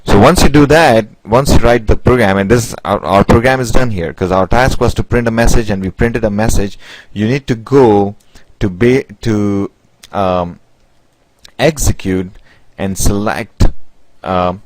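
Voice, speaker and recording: Halting, low-voiced man teaching code. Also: dry recording, poor audio. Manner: halting, with many "basically" and "you know" fillers and restarts; patient, step-by-step explaining. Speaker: programming instructor. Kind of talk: screen-recorded coding tutorial.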